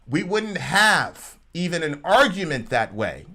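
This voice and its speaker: Man, livestream co-host, preachy commentary, bright tone, acts out voices. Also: on the high side, big pitch swings, measured pace. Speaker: show co-host.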